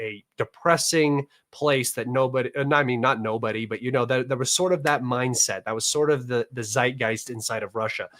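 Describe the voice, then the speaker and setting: A man's voice: medium pitch, a bit bright. A man answering viewer questions in a casual talk, rambling, with many fillers and restarts. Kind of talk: casual analysis chat.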